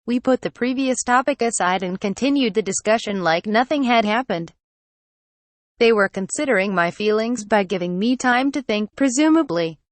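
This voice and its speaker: A woman narrating a light novel audiobook in the first person, in an even, steady way. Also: on the high side, normal speed, dry recording.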